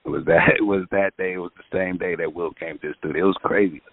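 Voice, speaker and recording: Deep-voiced man telling a story over a tinny line. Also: fast, dry recording. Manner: animated storyteller, acts out quotes, lots of fillers. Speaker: music producer guest. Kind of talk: casual storytelling in an interview.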